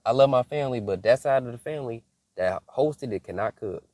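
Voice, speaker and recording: A young man from Michigan tells a story in a casual, animated way, laughing often and slipping into mock scolding. His voice sits in an ordinary middle range. The sound is dry and close, with no room around it. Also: medium pitch, fairly quick, no room sound. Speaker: faith vlogger.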